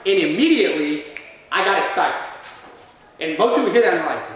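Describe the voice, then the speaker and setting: A man with a fairly high voice gives a motivational talk to students. He tells a story and keeps checking in with "all right?" The sound comes from a distant mic in a strongly echoing hall. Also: lively intonation, brisk, fairly bright tone, slight background noise. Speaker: motivational speaker. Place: large university lecture room. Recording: echoey hall from far off.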